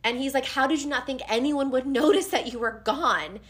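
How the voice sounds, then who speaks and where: A woman's voice: sits high, a little fast. Chatty young woman discussing a book. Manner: animated, reads passages aloud with feeling. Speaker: podcast co-host.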